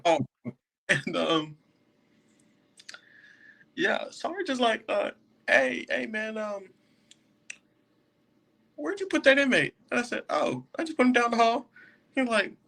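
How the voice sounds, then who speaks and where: A man's voice: sits high, lively intonation, takes it slowly, creaky, long pauses, fairly bright tone. A young man, a jail deputy and podcast guest, telling a story casually and laughing often as he goes. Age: young adult.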